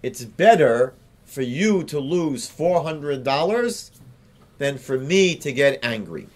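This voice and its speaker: A man voicing a patient, kind sage who answers politely and softly. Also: mid-range voice, lively intonation, slow pace, pitched below the performer's own voice. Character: patient, gentle old sage, calm and kind.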